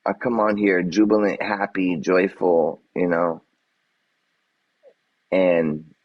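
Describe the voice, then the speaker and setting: A man's voice: deep voice, level tone, slow pace, muffled recording. An agitated man on a livestream answering his chat, defensive and swearing, repeating himself as he vents. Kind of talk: livestream rant.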